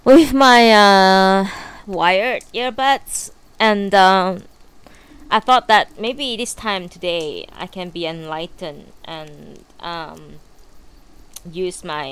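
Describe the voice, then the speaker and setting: A woman live streams from her bedroom, chatting casually before a book reading. Her voice is medium-pitched, a bit bright and clean in tone, and she rambles, swears freely and uses lots of fillers.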